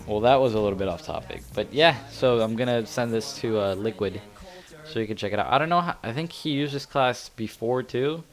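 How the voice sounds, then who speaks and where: Male gamer commentator, Spanish first language, chatty and rambling, middle pitch, faint music underneath. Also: animated, a little fast. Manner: rambling, self-correcting, laughs often. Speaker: game commentator. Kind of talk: casual video game commentary. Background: faint background music.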